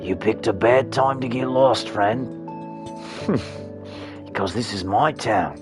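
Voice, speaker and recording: A man putting on the voice of a gruff male action-movie tough guy, growling threats in a mock accent. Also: on the low side, slow, over music. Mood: menacing.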